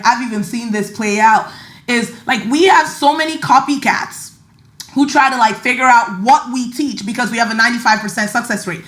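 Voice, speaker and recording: A woman with a slight Nigerian accent speaks in a high, bright register, talking straight to her listeners in a casual motivational style. She stresses points by repeating words and keeps a chatty, emphatic flow. Her voice carries a noticeable echo, as if recorded in a bare room. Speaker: podcast host and finance coach.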